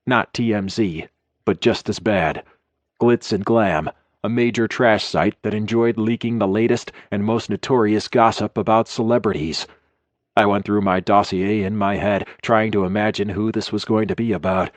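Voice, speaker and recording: A man's voice: lowish voice, fairly even intonation, normal speed, no echo. A man reading a first-person romance audiobook in a wry, conversational way, close to the mic. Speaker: audiobook narrator.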